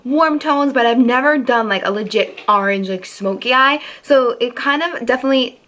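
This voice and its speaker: A woman's voice: a little high, moderate pace, fairly bright tone. A young woman hosting a casual makeup tutorial, chatting in a rambling way with lots of fillers. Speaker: beauty vlogger.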